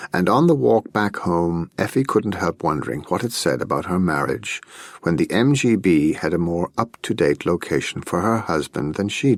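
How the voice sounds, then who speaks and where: Low voiced guy reading an audiobook, lots of pitch movement, dry close mic. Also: dry recording. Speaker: audiobook narrator. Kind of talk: scripted narration.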